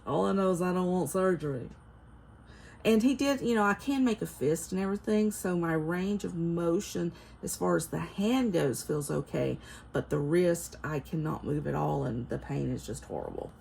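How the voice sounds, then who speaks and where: A middle-aged woman with a Southern US accent, chatting casually to camera as a vlogger, folksy and quick to laugh. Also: lowish voice, gravelly, darkish tone, a little hiss or hum. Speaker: vlogger reviewing a Bible study.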